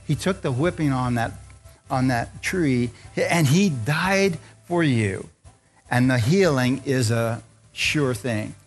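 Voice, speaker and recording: Older guy preaching at church, fired up, call and response, soft music behind. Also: a little high. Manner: fervent, leads congregation in call-and-response and prayer. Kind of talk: sermon. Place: church service.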